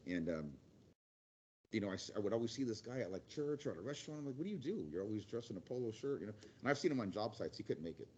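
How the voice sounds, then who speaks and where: A man's voice: fairly low pitch, big pitch swings, racing, a little mellow, muffled recording, slight background noise. A middle-aged man giving a casual career talk as a guest speaker, rambling and acting out quotes in other voices.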